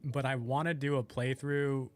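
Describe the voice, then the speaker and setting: A young adult man streaming a video game, chatting casually with viewers and thinking aloud in a relaxed, rambling way. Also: mid-range voice, normal speed, soft background music. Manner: laid-back, rambling, thinks aloud while playing. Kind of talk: casual gameplay chat with viewers.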